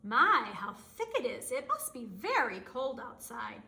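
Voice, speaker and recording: A woman's voice: on the high side, very animated, a little slow, gravelly, full character voice. Woman putting on a kindly old grandmother. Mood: fussing kindly. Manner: warm, fussing, chatty. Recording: roomy echo.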